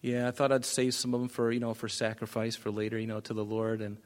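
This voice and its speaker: Guy putting on a whiny king passing the buck, kinda mumbly and soft. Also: lowish voice, completely flat delivery, quick pace, long reverb tail, lightly acted. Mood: excuse-making. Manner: whiny, blame-shifting. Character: sheepish king making excuses.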